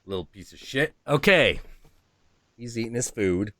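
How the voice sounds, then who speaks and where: A man streaming casually, profane and animated, acting out animal voices as he talks. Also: mid-range voice, measured pace, no echo. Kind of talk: casual chat.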